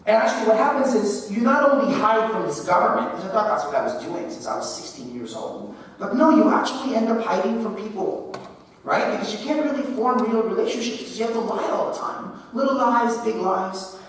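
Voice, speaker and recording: A man in his thirties from the Philippines giving a keynote speech, telling stories in an animated way and often asking "right?". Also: sits high, fairly quick. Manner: animated storytelling with frequent "right?". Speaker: keynote speaker. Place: large lecture hall. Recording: echoey hall from far off.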